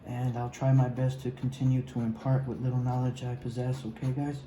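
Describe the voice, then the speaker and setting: Art teacher, male, encouraging, keeps saying "okay, guys", very dark tone, echoey room. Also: mid-range voice, little pitch movement, fairly quick, a little hiss or hum. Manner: talks while drawing, often drops to a mumble. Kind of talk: recorded drawing lesson.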